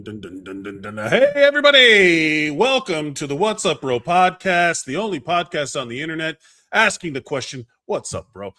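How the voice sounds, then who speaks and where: Male podcast host, high bright voice, bouncy delivery, jokey banter. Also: big pitch swings, a little slow. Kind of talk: casual podcast chat.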